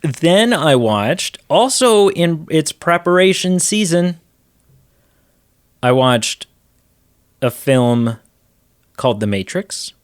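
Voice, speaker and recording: A man's voice: a little high, sing-song, slow, long pauses, no room sound, studio quality. A man co-hosting a podcast, chatting casually and enthusiastically about movies, rambling with restarts. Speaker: podcast co-host.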